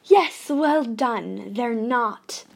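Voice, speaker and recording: A woman reading aloud, voicing an eager, chatty young male ghost-hunter who rambles and thinks out loud. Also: fairly high pitch, expressive, extremely slow, creaky, exaggerated voice.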